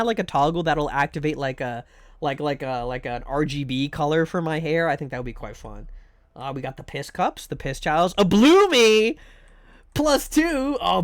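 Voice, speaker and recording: A man's voice: a little high, no echo. A man live-streaming a game, joking, swearing and rambling while reacting to his chat. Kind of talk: casual live-stream commentary while gaming.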